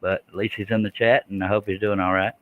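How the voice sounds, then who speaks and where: A man's voice: lowish voice, flat delivery, fast, phone-quality sound. A man, chatting casually with viewers while he works a scroll saw on a livestream. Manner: folksy, chatty, reads out viewer comments.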